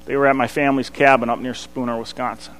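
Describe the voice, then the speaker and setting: Pastor guy preaching, gets big then real quiet, voice echoing around a big church. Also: medium pitch, flat delivery, fast. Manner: dynamic preaching, swings from loud to hushed. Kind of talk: sermon. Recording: long hall reverb.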